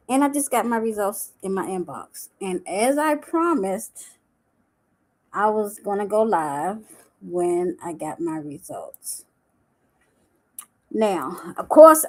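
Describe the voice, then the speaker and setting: Emotional woman live-streaming. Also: medium pitch. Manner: emotional, tearful, halting. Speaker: wellness coach.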